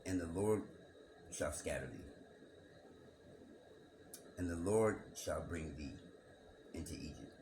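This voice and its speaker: A man's voice: low-pitched, animated, slow, long pauses. A man reading a scripture passage aloud and musing over it, asking rhetorical questions and repeating his words. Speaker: scripture commentator. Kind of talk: reflective bible commentary monologue. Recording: echoey room with background noise.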